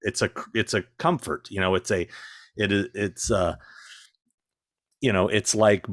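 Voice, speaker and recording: Deep-voiced man telling blunt stories. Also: fairly even intonation, measured pace, no echo, studio quality. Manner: blunt, exasperated storyteller. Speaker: guest. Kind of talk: casual anecdote telling.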